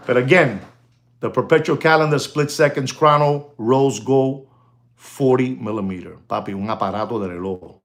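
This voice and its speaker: Guy, hyping watches on a live stream, super animated, keeps dropping words. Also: medium pitch, normal speed. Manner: animated, mixes Spanish exclamations into English, thanks viewers by name.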